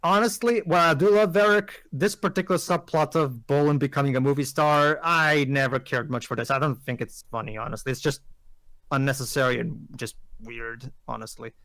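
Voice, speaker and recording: A man's voice: medium pitch, steady tone, brisk, a bit bright, no room sound. A man giving earnest casual commentary, explaining his views on a show and often restarting his sentences. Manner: earnest, explaining, interrupts himself. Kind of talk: casual commentary over an episode.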